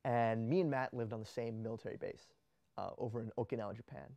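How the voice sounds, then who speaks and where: A man's voice: medium pitch, fairly even intonation, fast, vocal fry, warm tone, dry recording. A young man casually telling a rambling story to camera, full of restarts and fillers. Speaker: vlogger.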